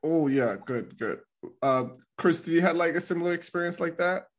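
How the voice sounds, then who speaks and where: A man's voice: fairly high pitch, normal speed. A man hosting a podcast in casual chat, rambling with lots of fillers and laughing often. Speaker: podcast host.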